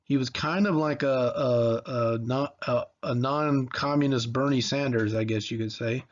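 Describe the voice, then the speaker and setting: A man's voice: medium pitch, fairly even intonation, unhurried, dull audio. A man in his forties from Mississippi, giving a casual history lecture in a conversational, rambling way, with many fillers and restarts. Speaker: history teacher.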